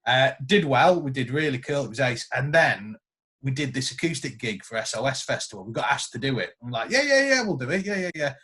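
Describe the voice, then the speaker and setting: Animated man telling stories. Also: mid-range voice, fairly quick. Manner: animated storyteller acting out quotes. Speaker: guest guitarist. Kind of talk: casual podcast chat.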